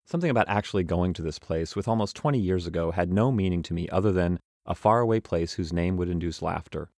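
A man's voice: sits low, fast talker, darkish tone, dry recording, clean studio sound. A young man narrating his travel journal aloud, wry and self-mocking.

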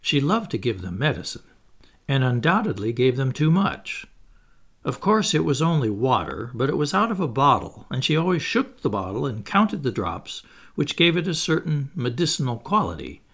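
A man narrating a classic storybook in a measured, expressive reading. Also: medium pitch. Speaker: audiobook narrator.

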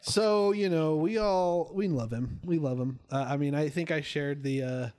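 A man co-hosting a podcast in casual chat, enthusiastic and quick to laugh. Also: a little high, darkish tone. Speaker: podcast co-host.

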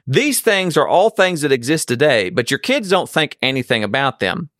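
A man's voice: on the high side, moderate pace, no echo, clean studio sound. A middle-aged man, hosting a podcast and telling rambling stories in casual chat. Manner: rambling storyteller, animated. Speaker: podcast host.

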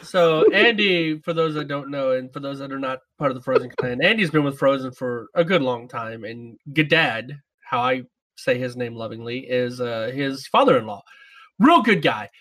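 A man's voice: medium pitch, expressive, normal speed, fairly bright tone. A man co-hosting a gaming podcast, playful and teasing. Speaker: podcast co-host. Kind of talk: casual gaming podcast chat.

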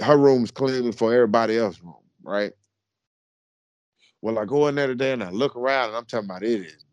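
A man co-hosting a podcast, telling a story in a casual, animated, slangy way and often calling people bro. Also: on the low side, dry recording. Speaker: podcast co-host.

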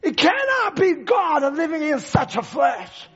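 A male preacher voicing a scheming, gloating devil who shouts in disbelief, on a dull lo-fi recording. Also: very high-pitched, sing-song, measured pace, full character voice. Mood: incredulous.

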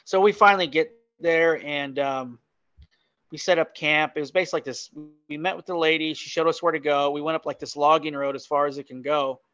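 Man, podcast guest, casual animated storytelling, higher pitch, dry muffled sound. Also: fairly quick, dry recording. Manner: animated, laughs often, acts out quotes.

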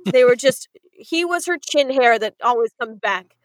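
A young adult woman casually recapping a show, acting out the characters in quick put-on voices. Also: fairly high pitch, no echo, low-quality recording. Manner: animated storytelling, acts out characters in quick voices. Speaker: podcast co-host recapping a show. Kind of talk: casual chat.

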